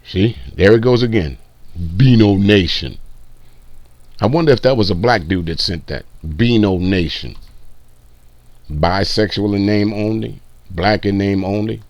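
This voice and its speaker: Brief: male stream commentator, low voice, dry close sound, mocking and profane, reacting to a clip. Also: measured pace, long pauses, darkish tone, dry recording.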